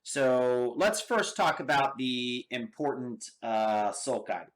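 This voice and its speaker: An American man teaching an anatomy lab, explaining step by step and checking in with his students often. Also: medium pitch. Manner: slow and deliberate, checks in with okay and all right. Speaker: anatomy instructor. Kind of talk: lab demonstration lecture.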